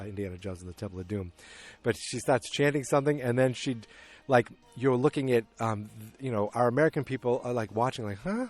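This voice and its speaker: A middle-aged man hosting a podcast, recapping a movie in casual chat and acting out its scenes as he goes. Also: medium pitch. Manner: animated storytelling, acting out scenes. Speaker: podcast host.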